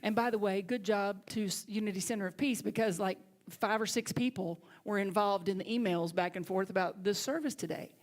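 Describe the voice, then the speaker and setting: A middle-aged woman with a Southern accent, a minister giving a sermon in lively storytelling that sometimes drops to soft, hushed tones. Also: medium pitch, fairly quick, hardly any pauses.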